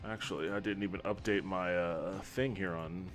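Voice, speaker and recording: A man's voice: low-pitched, steady tone, moderate pace, soft background music. A man streaming a game from home, chatting casually and joking with chat. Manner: rambling, joking. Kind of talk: casual let's-play chat.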